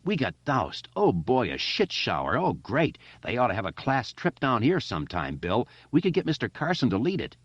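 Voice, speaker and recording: A man's voice: mid-range voice, wildly swooping pitch, moderate pace, hardly any pauses, no echo, voice pushed up. A man voicing a brash, wisecracking boy, reading in a slightly dull, lo-fi recording. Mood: joking. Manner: joking, brash. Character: wisecracking boy, loud joker.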